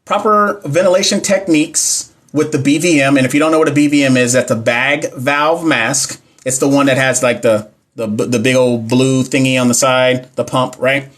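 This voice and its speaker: A young man hosts a relaxed livestream teaching nursing exam questions, his medium-pitched voice steady, fairly bright, at normal speed with few pauses. Chatty throughout, he reads questions out loud and talks back to viewer comments, recorded on a phone or webcam mic.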